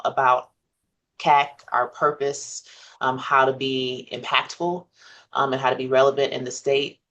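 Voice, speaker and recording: A man chairing a commission meeting, speaking in a measured, formal way with many pauses. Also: mid-range voice, a bit bright.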